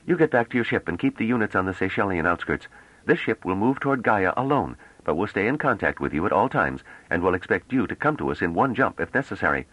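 A man's voice: on the low side, very animated, fast talker, fairly bright tone, breathy edge, no echo, lo-fi sound, heavily acted. A man voicing a stern, resolute woman leader in an audiobook, speaking firmly and with command. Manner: firm, commanding. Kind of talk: audiobook character reading.

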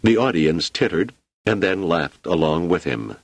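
Reading a novel aloud, this deep-voiced male narrator delivers expressive scripted storytelling with big, lively pitch shifts. His voice is gravelly with a breathy edge and runs a little slow, captured in a dry, close recording free of any room sound.

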